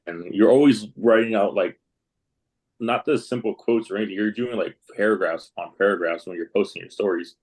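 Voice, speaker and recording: A man's voice: fairly low pitch, fairly quick, darkish tone, poor audio. A man hosting a podcast in a loose, casual way, swearing freely and ribbing his guest. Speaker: podcast host.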